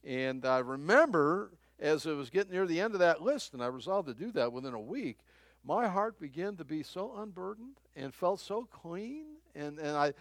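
A man's voice: fairly high pitch, lively intonation, normal speed, no room sound. An older man preaching, telling a personal story in a conversational, chuckling way with frequent restarts. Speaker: pastor.

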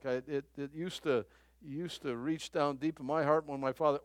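A man preaching a conversational sermon as a pastor, halting and repeating his phrases, often chuckling as he talks. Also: fairly high pitch, steady tone, no echo.

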